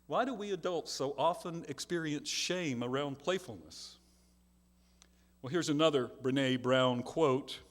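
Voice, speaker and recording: A man's voice: on the high side, a little slow. A male minister giving a sermon, telling a story with earnest, self-deprecating humor. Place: large church sanctuary. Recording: long hall reverb.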